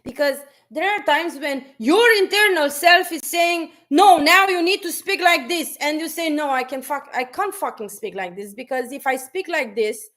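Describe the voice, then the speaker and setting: A woman's voice: high-pitched, normal speed, few pauses, fairly bright tone. A woman giving an unscripted motivational talk on a live stream, blunt and preachy, often restarting her sentences and swearing casually. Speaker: motivational speaker.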